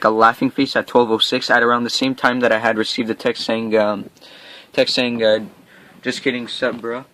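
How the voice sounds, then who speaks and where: A young Quebecer tells a story from his camper outdoors at night in a casual vlog, his mid-range voice sharp in tone. He's nervous, restarting often and leaning on fillers, and the recording is rough.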